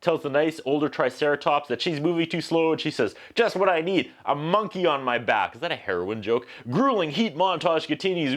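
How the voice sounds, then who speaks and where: A man recapping a film for a home video review, with sarcastic, joking asides. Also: fairly high pitch. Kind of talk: comedic movie recap.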